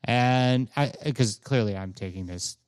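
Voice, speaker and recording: Smooth-voiced man in a game. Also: mid-range voice, no room sound, clean studio sound. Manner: halting, self-mocking. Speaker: player. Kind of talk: in-character role-play chat.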